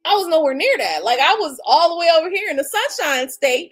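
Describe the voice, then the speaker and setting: A woman in her forties speaks with a very high voice that leaps all over the place as she rants on her livestream. She is blunt and profane, with features, and she talks straight to her viewers in an animated, mocking way. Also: brisk, hardly any pauses, low-quality recording. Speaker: tarot reader and livestream host. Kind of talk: casual livestream rant.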